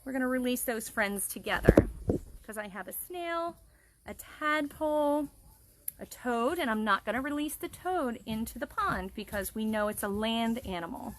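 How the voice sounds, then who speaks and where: A woman's voice: a little high, moderate pace. A woman educator giving a cheerful live-streamed nature lesson for children outdoors by a pond, explaining things and speaking directly to her young audience. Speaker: wildlife educator.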